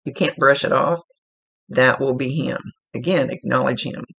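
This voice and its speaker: A man's voice: medium pitch, normal speed, creaky, bright, forceful tone, slightly rough. A man working as a psychic medium, talking casually and rambling as he relays messages aloud. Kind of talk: casual spirit reading.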